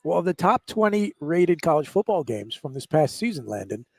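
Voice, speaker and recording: A man with a high, dry studio voice rants on a sports talk radio show. He talks in an animated, sarcastic way, mocking what others say and pressing his point hard. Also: moderate pace, gravelly, slightly rough, dry recording.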